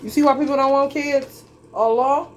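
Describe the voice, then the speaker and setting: Woman tarot reader, fairly high voice, preachy, profane, drawling, faint noise behind. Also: steady tone, moderate pace. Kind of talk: tarot reading monologue.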